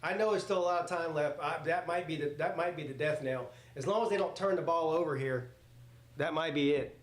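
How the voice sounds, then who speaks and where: A man hosting a casual live reaction stream, calling plays as they happen in a rambling, excitable way that slips into swearing. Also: a little high, brisk. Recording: roomy echoey home setup.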